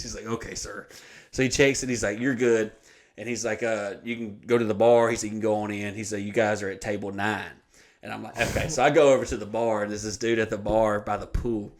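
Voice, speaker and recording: A man telling a comic story on a podcast, swearing freely and acting out the voices of the people in it. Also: fairly low pitch. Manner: profane, animated, acts out quoted voices.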